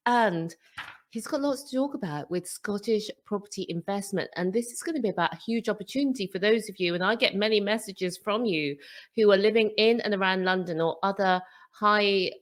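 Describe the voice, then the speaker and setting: A woman's voice: mid-range voice, a little fast. A woman hosting a podcast, introducing her guest in an upbeat, chatty way. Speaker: podcast host.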